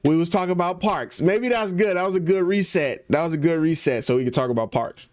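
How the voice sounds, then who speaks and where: A man's voice: on the high side, a little fast, a little mellow, no room sound. A man chatting casually on a stream, rambling loosely and laughing easily. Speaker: music producer and streamer. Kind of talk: casual livestream chat.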